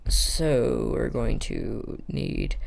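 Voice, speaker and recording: Gravelly, rambling gamer talking while building. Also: medium pitch, wildly swooping pitch, extremely slow, a little mellow, dry recording. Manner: rambling, filler-heavy self-talk while building. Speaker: Minecraft let's player. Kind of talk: casual gameplay commentary.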